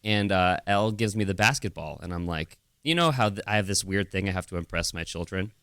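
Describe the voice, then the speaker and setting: A young man with a low, deep voice tells a story on a podcast, acting out quotes as he goes. The sound is dry and close. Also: animated, brisk, a bit bright, clean tone, no room sound. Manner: storytelling with laughs and acted-out quotes. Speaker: podcast co-host. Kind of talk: casual chat.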